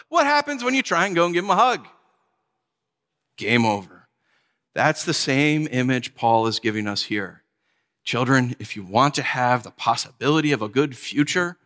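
Joking pastor with a bright voice. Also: male voice, medium pitch, very animated, moderate pace. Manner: conversational, joking, acts out little stories. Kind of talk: sermon. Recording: long hall reverb.

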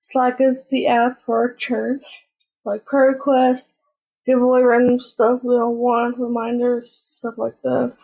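A woman's voice: a little high, monotone, a little slow, gravelly, dark tone, slightly rough, rough recording. A woman hosting her own podcast, telling personal stories in earnest, plain short sentences. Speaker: podcast host. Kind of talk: casual personal storytelling.

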